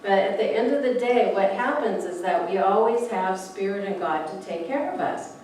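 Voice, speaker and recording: A middle-aged woman minister giving a conversational sermon, chatty and animated, playfully acting out quoted voices. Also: medium pitch, normal speed. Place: church hall. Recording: echoey hall, mic from a distance.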